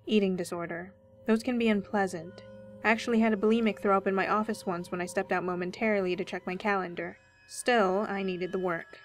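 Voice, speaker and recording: A woman reading a first-person horror story aloud with steady, measured storytelling. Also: medium pitch. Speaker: story reader. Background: faint background music.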